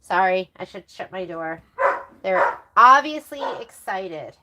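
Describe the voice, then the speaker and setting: A woman's voice: mid-range voice, lively intonation, slow, very noisy. A woman presenting a sewing stream from her home sewing room, chatting in a rambling way with laughing asides. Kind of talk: casual livestream chat.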